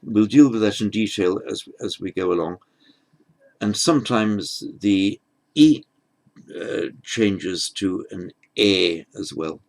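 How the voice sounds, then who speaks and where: A slow, patient male teacher explaining grammar with a gravelly edge in his fairly low voice. He pauses, restarts and fills gaps with "um" as he works through examples. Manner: patient, halting, with many restarts and fillers. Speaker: Sanskrit teacher. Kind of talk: unhurried grammar lecture.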